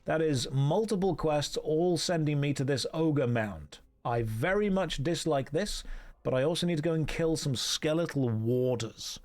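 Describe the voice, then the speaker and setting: A man's voice: on the high side, unhurried, a little mellow. A man streaming a video game who gives sarcastic, joking commentary and answers his live chat.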